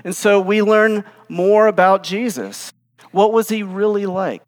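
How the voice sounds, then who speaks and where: Animated man preaching in a reverberant hall. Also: sits high, unhurried. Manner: animated storytelling, acting out quoted lines. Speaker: pastor. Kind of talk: casual sermon.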